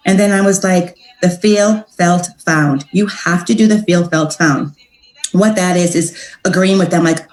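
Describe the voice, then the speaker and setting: An upbeat, chatty woman talks through her sales approach like a relaxed coaching session. She slips into a brighter, higher voice when she acts out the messages she sends. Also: measured pace, reverberant, low-quality recording. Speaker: direct sales team trainer. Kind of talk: casual training talk.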